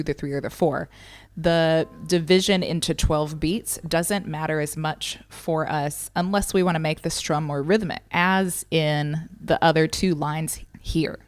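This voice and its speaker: Low-voiced woman teaching ukulele. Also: slow pace, clean tone. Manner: patient, counts and calls strums rhythmically. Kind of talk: instructional lesson, counting beats aloud. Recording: ukulele playing behind the voice.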